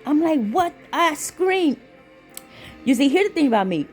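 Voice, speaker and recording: A woman's voice: high-pitched, moderate pace, soft background music. Chatty woman vlogging from bed. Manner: chatty, swears freely, animated retelling. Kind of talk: casual storytelling vlog. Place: lying in bed at home.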